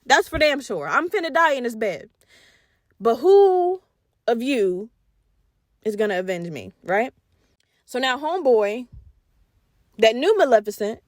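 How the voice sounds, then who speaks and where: A woman hosting a podcast, retelling a movie in an animated, profane, slangy comedic style. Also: on the high side, no echo, clean studio sound. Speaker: podcast host. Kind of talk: casual comedic storytelling.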